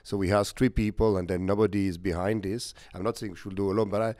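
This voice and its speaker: A man's voice: fairly low pitch, little pitch movement, fast, a little mellow, no room sound. A man chairing a conference discussion, blunt and skeptical, in slightly non-native phrasing. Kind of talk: panel discussion questioning.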